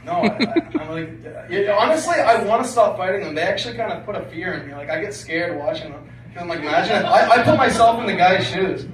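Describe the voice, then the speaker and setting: A man's voice: sits high, expressive, fast, few pauses, a crowd in the background. A man performing a crude, rambling stand-up set in a small basement room. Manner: crude, rambling, filler-heavy delivery. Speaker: stand-up comedian. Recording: echoey room from a distant mic.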